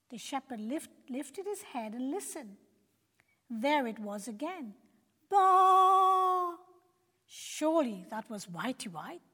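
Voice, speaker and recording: Slow, breathy woman telling a Bible story. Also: high voice. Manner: gentle, earnest preaching tone. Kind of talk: scripted narration of a children's Bible story. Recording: long hall reverb.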